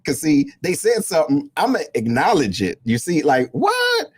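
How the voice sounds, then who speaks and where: Slangy, preachy and animated, this talk show host keeps addressing his audience directly in a casual setting. His voice is on the high side and slightly rough, delivered at a normal speed with no echo.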